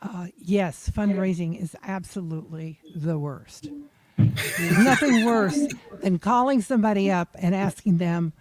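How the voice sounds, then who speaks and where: A woman's voice: mid-range voice, unhurried, darkish tone. A woman chatting wryly at a convention discussion. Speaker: panel participant. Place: convention meeting room.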